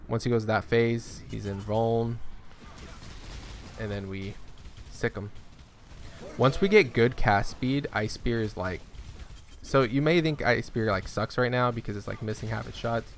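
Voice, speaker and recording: Playing a game, a young streamer chats in a laid-back way, with loose asides and laughs. He speaks at a fairly low pitch with fairly even intonation, unhurried and with long pauses, over a slight hiss or hum.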